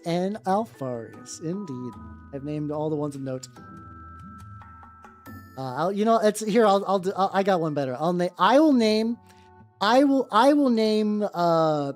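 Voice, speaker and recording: Woman streamer with a fairly low voice, rambling and opinionated while painting, faint music underneath. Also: darkish tone. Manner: rambling, filler-heavy, greets chat viewers; blunt and opinionated, casual swearing. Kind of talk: casual chat while painting. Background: faint background music.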